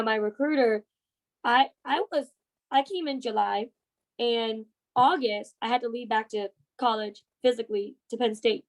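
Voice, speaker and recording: Over poor audio, a high-pitched woman in her twenties coaxes and pushes her team during a motivational training session. As team leader and sales trainer, she keeps asking "right?" to check in.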